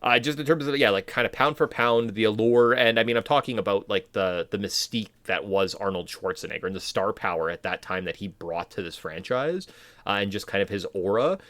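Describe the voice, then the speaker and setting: A man co-hosts a casual podcast chat, rambling through filler words and mock quotes. His voice is on the low side but fairly bright, brisk in pace, with no echo.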